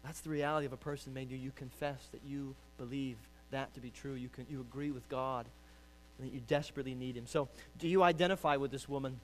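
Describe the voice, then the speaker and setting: A man preaching a sermon as pastor, urging loudly and then dropping to quiet pleading. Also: medium pitch, fairly even intonation, fast, slight background noise. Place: church sanctuary.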